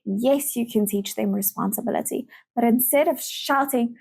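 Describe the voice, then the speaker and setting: A young woman teaches a Christian parenting session, earnest and fond of rhetorical questions. Her voice sits a little high for a woman. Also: animated, a little slow, vocal fry, few pauses.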